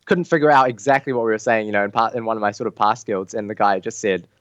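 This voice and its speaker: A man's voice: fairly low pitch, fast talker, fairly bright tone, dry recording. A man with an Australian accent, a guest chatting casually in an interview, rambling with many fillers over a remote call. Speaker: guest raid leader. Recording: dull dry lo-fi call audio.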